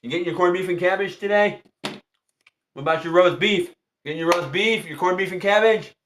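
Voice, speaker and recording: A high-pitched man chats loosely with his livestream viewers, circling back to the same phrases again and again. He greets people by name and talks in a relaxed, repetitive flow as a tarot reader waiting for clients. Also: moderate pace, slight background noise. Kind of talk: casual livestream chat.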